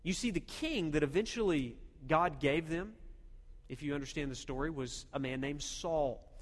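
A man preaches in a fairly high voice, leaning hard on key words and throwing rhetorical questions at his listeners. His voice carries a long reverberant tail from a big hall. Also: moderate pace. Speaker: pastor. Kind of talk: sermon.

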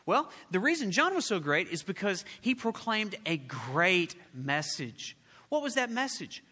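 A man preaching a sermon to a congregation, animated, often asking them questions and waiting for answers. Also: high voice, measured pace. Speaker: pastor. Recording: long hall reverb.

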